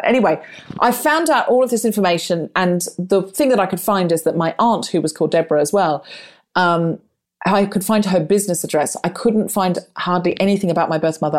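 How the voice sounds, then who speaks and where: Animated storytelling woman. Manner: animated, acts out her own and others' lines with big rises in pitch. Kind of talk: casual storytelling chat.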